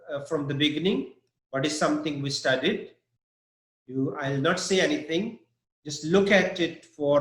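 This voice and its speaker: Man, English teacher, live online lesson, slow deliberate delivery, checks in often, echoey room. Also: fairly high pitch, fairly bright tone.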